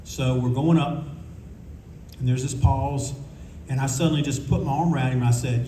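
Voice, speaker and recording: A man's voice: mid-range voice, steady tone, normal speed, long pauses, mellow, distant mic, slight background noise. An older man telling rambling, candid stories on a convention panel, swearing freely as he goes. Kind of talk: casual anecdotal storytelling. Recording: echoey room recording from afar.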